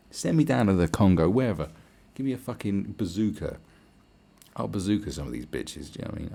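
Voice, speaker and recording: A man's voice: extremely low pitch, gravelly, darkish tone. A man hosting a podcast, delivering a crude, sarcastic solo rant full of swearing and mocking put-on voices. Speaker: podcast host. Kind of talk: ranting monologue.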